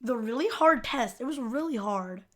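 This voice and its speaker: A woman's voice: fairly high pitch, lively intonation, normal speed, fairly bright tone. A young woman co-hosting a podcast in casual chat, teasing and laughing often. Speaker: podcast co-host.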